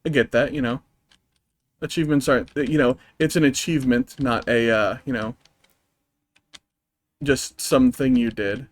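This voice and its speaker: A man's voice: mid-range voice, fairly even intonation, moderate pace, pauses often. Man ranting profanely at a game. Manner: rambling, with many fillers and restarts. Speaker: streamer. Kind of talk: live-streamed gameplay commentary.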